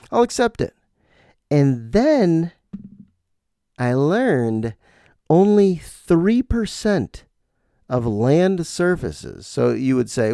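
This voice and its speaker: A man's voice: mid-range voice, very animated, slow, gravelly, dark tone, no room sound, studio quality. A middle-aged man hosting a podcast in a rambling, self-deprecating comedic monologue. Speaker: podcast host.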